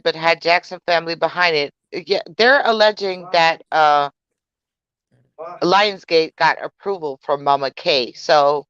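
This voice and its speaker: A woman's voice: on the low side, a bit bright, smooth, dry recording, muffled recording. A woman co-hosting a casual podcast, frank and opinionated, reading viewer comments aloud. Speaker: podcast co-host.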